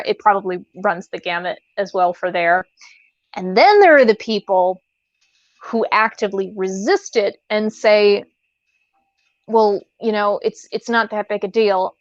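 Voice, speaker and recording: A woman's voice: mid-range voice, dry recording. Rambling woman on a dull lo-fi mic. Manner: rambling, many fillers and restarts. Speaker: podcast co-host. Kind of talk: casual chat. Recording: dull lo-fi sound.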